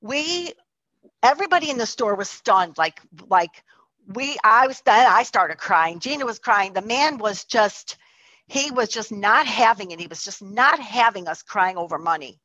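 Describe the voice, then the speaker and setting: A woman's voice: medium pitch, expressive, moderate pace, sharp tone, no echo, highs cut off. A woman telling a personal testimony in a chatty way, full of likes and restarts. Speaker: storyteller.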